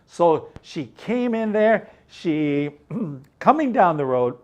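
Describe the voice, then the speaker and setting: An older man teaching English through a story, explaining words slowly and glossing them in Mandarin. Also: high-pitched, big pitch swings, muffled recording.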